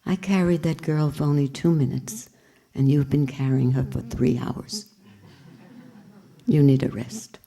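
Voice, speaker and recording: A woman voicing a calm, wise old male Zen master in a spoken story, gentle and unhurried. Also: low-pitched.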